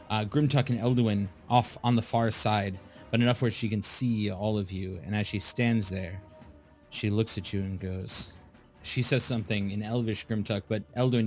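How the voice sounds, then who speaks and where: A man narrating a tabletop game as game master, describing the scene slowly and addressing the players. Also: medium pitch. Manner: slow, descriptive narration with asides.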